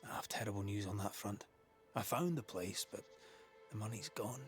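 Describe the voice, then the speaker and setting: A blunt, low-voiced game character. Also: male voice, moderate pace, slightly rough, faint music behind. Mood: grim.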